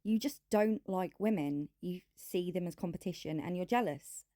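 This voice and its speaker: Woman doing commentary voiceover, dark mellow voice, dry close sound, scornful. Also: on the low side, moderate pace, no room sound. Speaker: commentary channel host. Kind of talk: scripted commentary voice-over.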